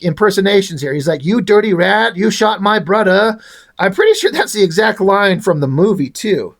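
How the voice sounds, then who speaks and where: A man's voice: high voice, vocal fry. A man casually reviewing a comic book, rambling and swearing freely, often restarting his sentences.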